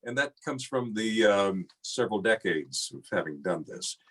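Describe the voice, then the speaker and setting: An older man, a singer, telling stories in a relaxed interview, with frequent fillers and easy laughter. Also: fairly low pitch, normal speed, a little hiss or hum. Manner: chatty storyteller, many fillers, laughs easily. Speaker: guest singer and voiceover artist. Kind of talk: casual interview chat.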